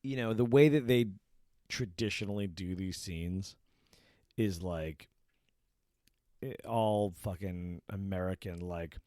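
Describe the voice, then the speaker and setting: Man, low voice, dry close mic, casual rambling podcast talk, swears a lot. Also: slow, long pauses, dark tone, no room sound. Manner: rambling, profane, quotes characters in put-on lines. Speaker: podcast co-host. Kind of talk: casual chat.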